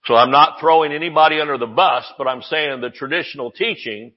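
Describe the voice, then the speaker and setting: A man preaching a sermon, excitable, jumping between quiet asides and shouted declarations. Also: fairly high pitch, fairly quick. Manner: excitable, shouts at peaks, jokes and laughs with the congregation. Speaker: pastor. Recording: dull, echoey church recording.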